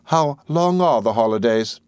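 A man voicing a harsh, cold spinster woman, clipped and scolding with drawn-out words, in storybook reading. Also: medium pitch, animated, a little mellow, smooth, no echo, close to an everyday voice. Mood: curt.

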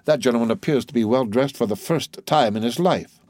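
A man's voice: medium pitch, fairly quick, a little mellow, no echo, natural voice. A man as a sneering young aristocrat. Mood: disdainful. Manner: disdainful, mocking.

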